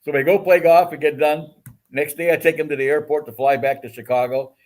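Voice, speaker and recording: An older man, a guest and the host's father, telling energetic, boastful stories in casual chat. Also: fairly high pitch, fairly quick.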